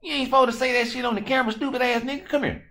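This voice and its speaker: A man's voice: extremely high pitch, fairly even intonation, racing, pitched above the performer's own voice. A man voicing an angry, strict father who curses and scolds his grown son. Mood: scolding. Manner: yelling, cursing, bossy.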